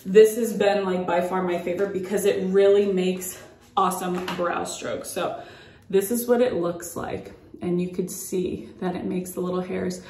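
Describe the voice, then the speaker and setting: A woman's voice: lowish voice, fairly even intonation, moderate pace, a little mellow, roomy sound, slight background noise. A young woman chatting through a makeup tutorial at home, a bit out of breath and full of fillers as she demonstrates. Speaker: beauty vlogger. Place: at home by a mirror.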